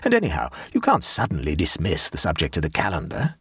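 A dutiful, faintly gloomy Edwardian husband, voiced by a male reader in a storybook reading. He talks in an earnest, plodding way with a husky tone. His voice rises and falls a great deal, close and dry. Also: low-pitched, huge pitch swings, fast, fairly bright tone, no echo, voice pushed down, heavily acted.

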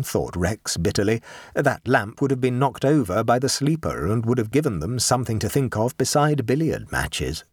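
A man narrating a classic short story in an expressive way. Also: breathy edge, no echo, clean studio sound. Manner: expressive, shifting pitch for dramatic beats.

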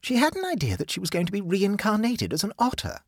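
A man's voice: high-pitched, huge pitch swings, fast talker, breathy edge, dry recording, clean studio sound, pitched above the performer's own voice, full character voice. A man reading aloud, voicing an anxious, scandalised upper-class lady in a story. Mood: fretful. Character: fretful upper-class English lady, easily swayed.

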